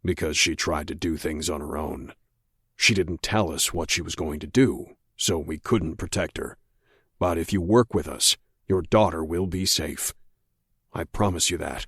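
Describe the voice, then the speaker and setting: A menacing male federal agent, as a man puts him on in an audiobook, low-voiced and measured. He speaks slowly, with quiet, controlled threat, and the recording is close and dry with no room sound. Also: breathy edge, dry recording, heavily acted. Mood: cold, insistent.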